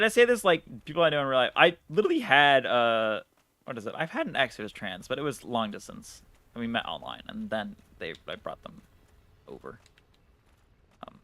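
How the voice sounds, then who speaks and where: A man's voice: medium pitch, sharp tone, no room sound. A man streaming a game live, chatting casually in a rambling way, swearing and laughing at himself. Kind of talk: casual live-stream chat while gaming.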